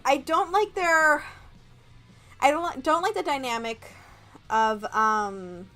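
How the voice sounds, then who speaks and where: Young woman streamer, high bright voice, unhurried, playful, soft game music behind. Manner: playful, giggly, chatty. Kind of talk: playing a game and reading its text aloud.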